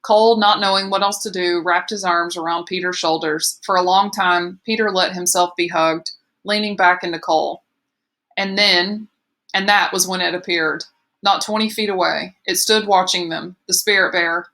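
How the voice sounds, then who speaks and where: A woman narrates a novel with steady, measured pacing. Her voice is bright and forward, and her delivery stays even and plainly readerly. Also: lowish voice. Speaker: audiobook reader. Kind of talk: scripted narration.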